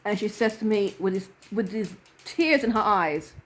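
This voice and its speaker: A woman's voice: mid-range voice, lively intonation, moderate pace. A woman reverend telling a personal story to camera in an earnest way, acting out the quoted dialogue.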